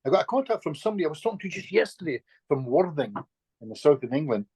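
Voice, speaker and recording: Husky-voiced man telling a story. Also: a little high, racing, no room sound. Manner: lively anecdotal telling, frequent restarts and chuckles. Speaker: guest, healer. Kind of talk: casual storytelling in conversation.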